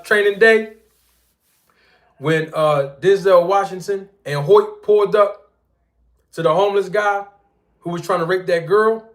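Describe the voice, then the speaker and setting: High-voiced playful boxing commentator man. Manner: playful, teasing, animated storytelling with sudden loud and soft swings. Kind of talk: casual commentary to viewers.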